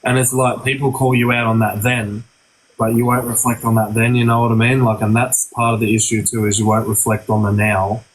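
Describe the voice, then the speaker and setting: A man challenging another streamer calmly and hesitantly, filling his talk with "like". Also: medium pitch, fairly quick, poor audio. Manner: calm, hesitant, filler-heavy, says like a lot. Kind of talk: casual chat.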